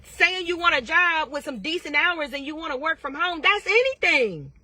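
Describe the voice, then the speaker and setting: Blunt, high-voiced woman tarot reader. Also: pushed and bright, no echo. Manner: blunt, profane, rapid-fire questioning. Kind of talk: casual advice vlog.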